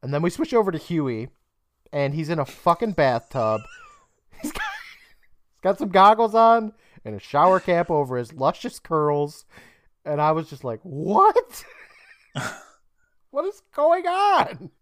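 A man's voice: fairly high pitch, very animated, normal speed, no echo, clean studio sound. A man co-hosting a podcast, chatting casually about a TV episode, laughing often and acting out the characters' lines. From United States. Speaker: podcast co-host. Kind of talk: casual chat recapping a TV episode.

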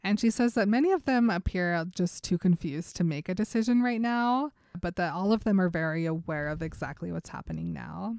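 Low-voiced woman casually recapping a story. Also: brisk, creaky, hardly any pauses, darkish tone, no room sound, studio quality. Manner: retells scenes with quotes, giggles often. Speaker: podcast co-host recapping a book. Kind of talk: casual chat, reading passages aloud.

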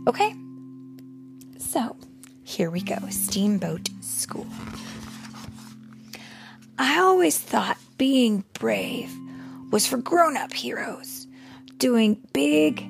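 A young mother reading a picture book aloud to her child, expressive and slow, sometimes dropping into a whisper. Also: fairly high pitch, vocal fry. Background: soft guitar music.

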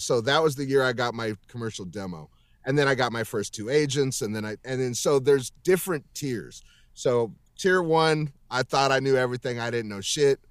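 Speaking in a mid-range voice with clean studio sound and no echo, this male voice actor rambles through a casual video-call interview. He's emphatic, swears a lot, and keeps restarting his thoughts.

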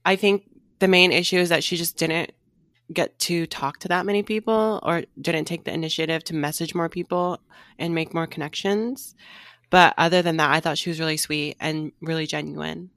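A woman's voice: low voice, steady tone, moderate pace, a bit bright, no room sound. A young woman co-hosting a casual chat, emphatic and slangy in her opinions. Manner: chatty, emphatic, fond of slang. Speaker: podcast co-host. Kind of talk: casual chat reviewing a reality show.

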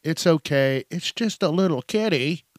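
A man's voice: fairly high pitch, animated, normal speed, no room sound, clean studio sound, voice pushed up, close to an everyday voice. A man voicing a sweet, soothing young girlfriend who brushes off a complaint. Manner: cooing, dismissive.

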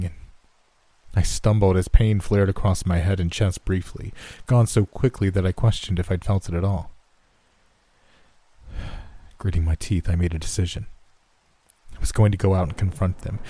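A man narrating a first-person horror story in a measured, tense storytelling manner. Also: low-pitched, warm tone.

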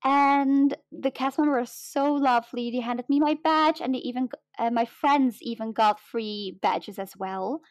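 Young woman, high bright voice, chatty storyteller, dry close sound. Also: a little slow, hardly any pauses, dry recording. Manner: excited, chatty, many fillers. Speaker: guest telling a story. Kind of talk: casual chat, storytelling.

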